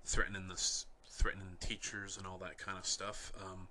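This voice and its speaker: A young man from Canada hosting a podcast, telling wry, rambling anecdotes in a deadpan way. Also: low voice, normal speed, slight background noise. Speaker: podcast host. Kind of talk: casual storytelling.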